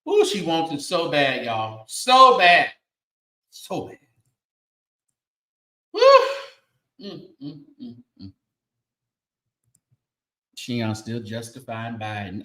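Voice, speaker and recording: A man hosting a commentary show, talking in a sassy, animated way with sighs and laughing asides. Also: mid-range voice, takes it slowly, pauses often, roomy sound. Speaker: show host.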